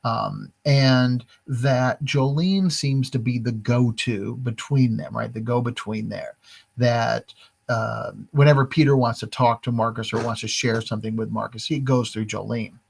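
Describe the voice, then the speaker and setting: A man's voice: mid-range voice, steady tone, a little slow, creaky, a little mellow, breathy edge. A man teaching a literature lesson in a casual, chatty way, often asking "right?" and briefly acting out what the characters say. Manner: chatty, frequent "right?" and "like", acts out quoted lines.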